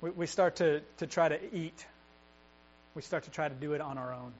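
A young man preaches a sermon in an earnest, conversational way, circling back and restarting his phrases as he thinks aloud. His voice sits a little high for a man. The recording is dull and lo-fi, with a steady mains hum behind him. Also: normal speed. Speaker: pastor.

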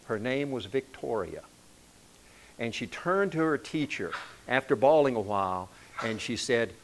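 A man's voice: mid-range voice, slight background noise, rough recording. Conversational preaching pastor, man. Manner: conversational storytelling preacher, frequent restarts. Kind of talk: sermon.

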